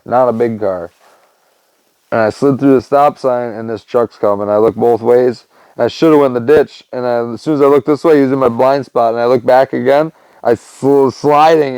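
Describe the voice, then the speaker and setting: A man's voice: mid-range voice, darkish tone, smooth, no room sound, lo-fi sound. A young man, a podcast host, telling a personal story in a loose, rambling way, full of fillers like "man" and "you know.". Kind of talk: casual storytelling monologue.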